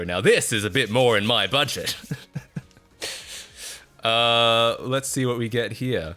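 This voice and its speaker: A man's voice: mid-range voice, takes it slowly, long pauses, bright, forceful tone, soft background music. A man chatting casually on a livestream, laughing often and breaking into incredulous outbursts.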